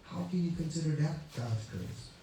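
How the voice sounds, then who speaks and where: Man playing a hot-tempered king in a storytold parable, mellow voice, echoey hall, mic far off. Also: on the high side, animated, moderate pace, slight background noise. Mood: humbled. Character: upset, impulsive king, male adult.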